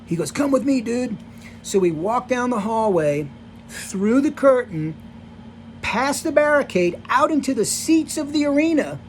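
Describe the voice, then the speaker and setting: A vlogger in his sixties, with a very high voice and big pitch swings, casually recounts rock-tour stories on camera a little slowly. He rambles and fills his speech with "you know" and "like," over slight background noise.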